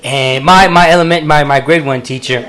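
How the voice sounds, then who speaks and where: A man with a fairly high voice tells a comic story from a small cafe stage. He talks loosely and chattily into a handheld mic, chuckling as he goes. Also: fairly quick, fairly bright tone. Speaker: comedian. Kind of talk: live stand-up storytelling.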